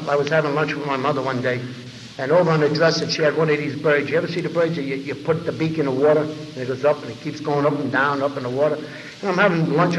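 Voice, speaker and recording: A man giving his recovery story to a meeting audience, an animated storyteller who acts out the voices he quotes and speaks straight to the listeners. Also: on the high side. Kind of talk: personal recovery testimony to an audience. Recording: echoey hall, faint background noise.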